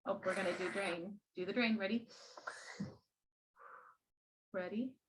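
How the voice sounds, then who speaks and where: A woman who trains teachers, giving a classroom demonstration and gently coaching a child as she explains. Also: medium pitch, steady tone, measured pace, poor audio.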